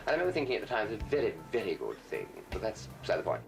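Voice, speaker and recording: A man with a low voice that swoops widely as he drawls out every vowel with theatrical relish. He talks through an old interview, with music clearly playing beneath it. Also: wildly swooping pitch, racing. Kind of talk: archive interview.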